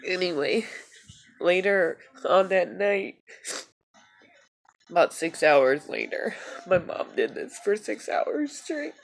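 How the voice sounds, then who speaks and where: A woman tearfully talking in a personal video journal, halting and soft-spoken. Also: lowish voice, very animated, vocal fry. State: crying. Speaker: vlogger.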